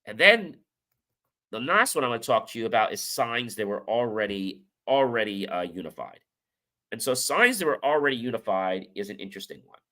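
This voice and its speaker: Bright-voiced man telling stories. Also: medium pitch, sing-song, brisk. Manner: casual storytelling, acts out quoted dialogue. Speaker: show host. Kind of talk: motivational talk with personal stories.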